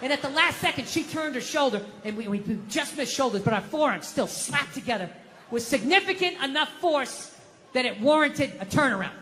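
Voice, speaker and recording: Boston-accented male stand-up, profane ranter, bright edge, live-mic feel. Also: lively intonation, fairly quick, in a large hall, a little hiss or hum. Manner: ranting, profane, swings from low mutter to high outburst. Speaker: stand-up comedian. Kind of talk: stand-up comedy rant. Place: live venue with audience laughter.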